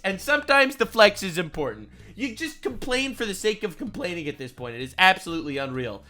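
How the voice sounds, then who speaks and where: A young man hosting a profane, animated reaction commentary vlog, ranting as he talks. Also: on the high side. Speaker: online commentator.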